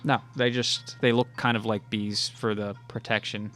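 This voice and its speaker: A man's voice: fairly low pitch, little pitch movement, moderate pace, bright, forceful tone, soft background music. A young man co-hosting a podcast, chatting casually in a laid-back, matter-of-fact way. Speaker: podcast co-host. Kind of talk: casual chat.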